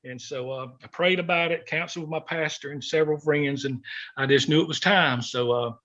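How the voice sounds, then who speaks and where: A man's voice: on the high side, fairly quick, fairly bright tone. A middle-aged man telling a heartfelt story in an interview, folksy and sometimes choked up. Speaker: guest, former gospel singer. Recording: dull lo-fi recording.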